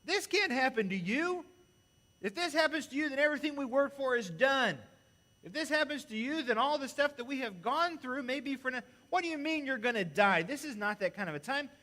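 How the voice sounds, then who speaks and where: A man's voice: a little high, very animated, unhurried, pauses often, sharp tone, heavily acted. A man acting out an alarmed male disciple who urgently protests and pleads with his teacher. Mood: alarmed, pleading.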